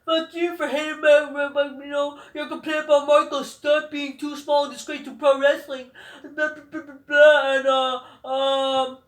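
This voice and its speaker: A man mimicking a whiny, indignant male wrestler who scolds fans in a high, nagging, mocking voice. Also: level tone, normal speed, fairly bright tone. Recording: roomy echoing room.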